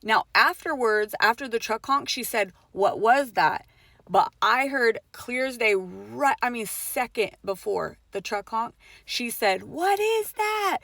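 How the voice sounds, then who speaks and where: A woman's voice: fairly high pitch, vocal fry, sharp tone, dry recording, studio quality. Profane, emphatic middle-aged woman telling a story. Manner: profane, emphatic, fast-swinging storytelling with many fillers. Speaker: mother telling a personal story. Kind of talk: casual storytelling vlog.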